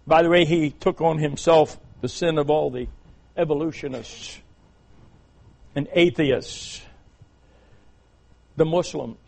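High-voiced preacher delivering a sermon. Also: male voice, fairly even intonation, slow, creaky, long pauses. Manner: preaching with rising, emphatic outbursts and hushed lists.

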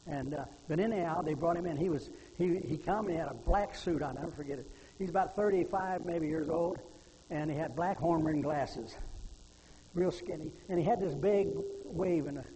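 A man's voice: a little high, animated, a little fast. An older man preaching a sermon, folksy in his storytelling and fervent when he pleads with the congregation. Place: church sanctuary. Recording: echoey church hall with faint noise.

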